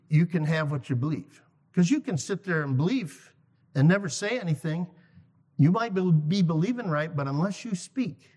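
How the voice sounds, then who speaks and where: A man preaching a sermon to a congregation, emphatic, repeating key lines slowly for effect. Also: sits high, a little mellow. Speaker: guest preacher. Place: church sanctuary. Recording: long reverb of a large hall.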